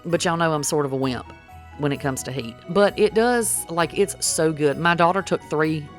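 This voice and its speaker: A middle-aged woman with a low voice talks viewers through a recipe in a chatty, folksy way, calling them y'all. Faint music plays quietly behind her. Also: normal speed. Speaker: cooking vlogger. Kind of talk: casual cooking demonstration.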